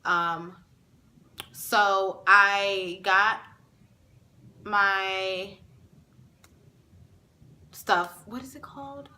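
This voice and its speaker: A young woman vlogger telling a personal story to camera in a chatty way, often pausing on fillers and close to tears. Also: mid-range voice, steady tone, sharp tone. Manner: chatty, with many fillers and restarts; emotional, near tears.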